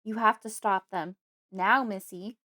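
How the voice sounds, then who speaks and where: A desperate, frightened father, as a woman narrator voices him, pleading urgently and loudly in a horror audiobook. He speaks at the reader's own pitch but louder, with a dry, close sound. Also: steady tone, moderate pace, no echo, natural voice. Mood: yelling.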